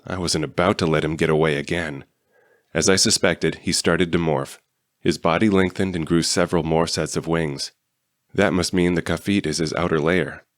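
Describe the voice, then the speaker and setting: Deep-voiced guy reading a fan audiobook, steady, dry close sound. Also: normal speed, no room sound. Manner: steady storytelling. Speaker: audiobook reader. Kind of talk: first-person audiobook narration.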